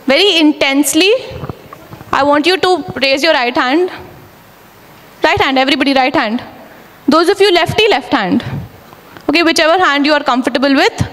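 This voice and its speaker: High-voiced woman leading a workshop. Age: young adult. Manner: commanding, drills the group to repeat lines. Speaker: workshop facilitator. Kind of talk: motivational workshop. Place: large school hall indoors. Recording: echoey hall with students around. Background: a room of students.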